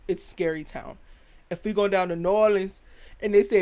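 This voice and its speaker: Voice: medium pitch, steady tone, moderate pace, a little mellow. An American podcast host giving a rambling, opinionated solo monologue full of slang. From United States.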